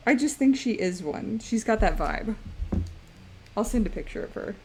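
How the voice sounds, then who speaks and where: A woman's voice: on the high side, lively intonation, unhurried, long pauses, a little mellow, slight background noise. Playful chatty young woman streamer. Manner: playful, rambling, chatty with chat. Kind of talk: casual live-stream chat while drawing.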